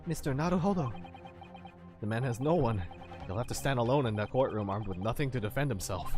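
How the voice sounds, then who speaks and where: A man voicing an anxious, earnest young lawyer in low, worried inner monologue while reading a game aloud. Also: lively intonation, fairly quick, over music, lightly acted. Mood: nervous.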